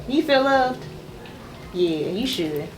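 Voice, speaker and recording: Woman vlogger, casual playful chat, bright higher voice, echoey room, noisy background. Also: lively intonation, takes it slowly. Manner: chatty, playful, questioning relatives. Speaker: vlogger filming family. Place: family home.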